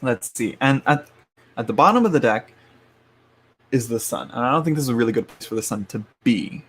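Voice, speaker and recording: A man's voice: medium pitch, expressive, fairly quick, a bit bright, breathy edge. Chatty man giving a live tarot reading. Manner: chatty, frank, laughs often, drops to murmurs when checking things. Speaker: tarot reader.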